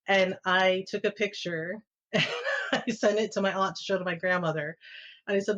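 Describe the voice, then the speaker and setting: A woman's voice: medium pitch, fairly even intonation, moderate pace, fairly bright tone. A woman guest on a podcast, telling personal anecdotes in a casual way and laughing often as she talks. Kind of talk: casual storytelling.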